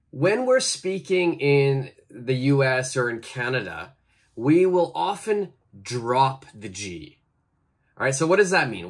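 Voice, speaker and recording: A man teaching English pronunciation, leading slow repeat-after-me drills with deliberate, exaggerated pronunciation and encouraging praise. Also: medium pitch, fairly bright tone, slightly rough.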